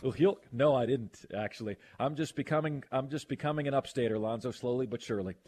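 A man hosting a sports radio show, chatting casually and reading listener texts aloud. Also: medium pitch. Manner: animated, quick to protest, reads listener texts aloud.

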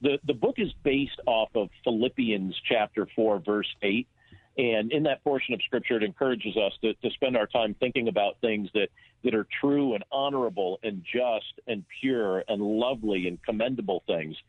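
On a tinny phone line, a man with a lowish voice speaks at a moderate pace in a dry recording. He's an author guest in a phone interview, earnest and reflective, with small restarts.

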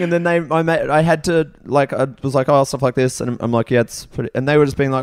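Animated man telling a story. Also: fairly high pitch, moderate pace, hardly any pauses. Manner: animated storytelling, laughs often. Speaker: comedian podcast guest. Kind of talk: casual chat.

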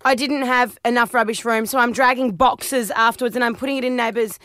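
A woman's voice: a little high, fairly even intonation, a little fast, a bit bright, no echo, clean studio sound. A woman, co-hosting a radio show and telling self-mocking stories in casual chat. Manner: chatty, self-mocking storyteller. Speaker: radio co-host.

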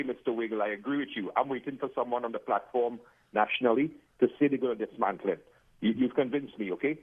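A man's voice: mid-range voice, husky. Rambling man calling in on a tinny phone line. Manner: rambling, emphatic, restarts often. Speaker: caller. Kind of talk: phoned-in talk radio call. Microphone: telephone.

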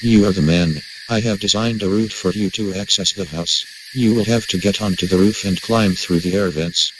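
An actor playing a loyal, admiring sidekick who speaks matter-of-factly in a comedy radio play. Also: male voice, on the low side, moderate pace, natural voice. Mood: earnest. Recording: noisy ambience behind.

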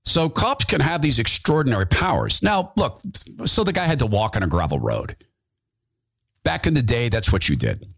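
Animated folksy man telling stories. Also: medium pitch, normal speed, creaky, breathy edge, no room sound, clean studio sound. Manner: folksy, animated storyteller acting out quotes. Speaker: radio host. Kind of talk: storytelling talk radio monologue.

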